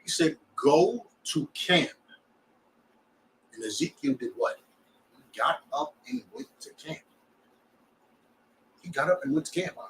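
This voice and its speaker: A man teaching a scripture class in an animated way, often checking that his students understand. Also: on the high side, normal speed, vocal fry, long pauses, recorded from a distance, a little hiss or hum, low-quality recording.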